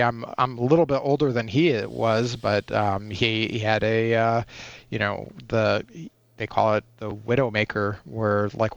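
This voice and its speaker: A man's voice: lowish voice, gravelly, fairly bright tone, no echo, dull audio. A man in his forties, a podcast guest telling a personal story in a rambling way, full of fillers and restarts. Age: 40s.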